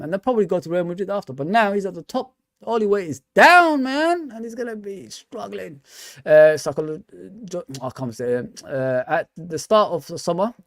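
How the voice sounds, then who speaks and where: A young man talks loosely and slangily, looping back over the same phrases as he chats to his viewers. His voice sits a little high, and the sound is dry and close. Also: darkish tone, no room sound. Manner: rambling, repeats himself, slangy. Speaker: fan channel host. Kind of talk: casual live stream chat.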